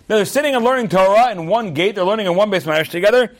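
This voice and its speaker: Guy giving a torah class, high voice, swoops up and down a lot, acts out the arguing. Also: quick pace, hardly any pauses. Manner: animated, acts out arguing students in raised voices. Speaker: rabbi teaching.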